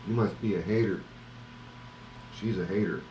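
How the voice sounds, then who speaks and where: Very deep, mutters and grumbles, man playing a just-woken grouch, roomy with faint noise. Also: normal speed, warm tone, muffled recording, lightly acted. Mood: grumpy. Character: grumpy sleepy man woken too early.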